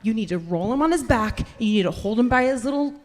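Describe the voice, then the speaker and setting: A woman performing a stand-up comedy set, telling brash, profane stories and shouting her punchlines. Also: on the high side, expressive, quick pace. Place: comedy club stage in front of a live audience. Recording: live club recording with reverb and crowd noise. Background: audience laughter.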